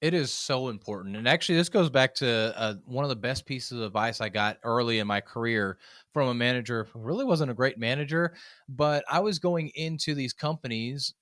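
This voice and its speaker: Animated man telling stories. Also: medium pitch, brisk, no echo, studio quality. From United States. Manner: animated storyteller, acts out quoted voices. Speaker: public speaking coach, guest. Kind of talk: casual podcast conversation.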